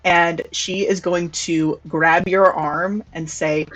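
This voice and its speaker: A woman narrating as game master of a tabletop role-playing game, in a relaxed, casual way. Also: fairly low pitch, slow pace, rough recording.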